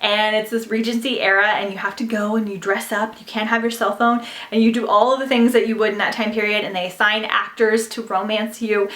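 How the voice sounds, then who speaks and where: A woman's voice: mid-range voice, little pitch movement, a little fast, few pauses, fairly bright tone. A young woman chatting casually about books she listened to, gushing and full of fillers. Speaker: book vlogger. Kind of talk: casual book review chat. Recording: roomy echo.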